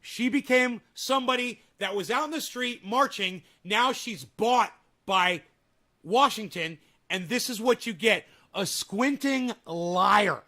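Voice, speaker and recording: Guy streamer ranting and cussing at his chat, high bright voice, super mocking. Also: slow. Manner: angry, mocking, swears heavily, talks to chat. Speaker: streamer reacting to clips. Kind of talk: profane live-stream rant.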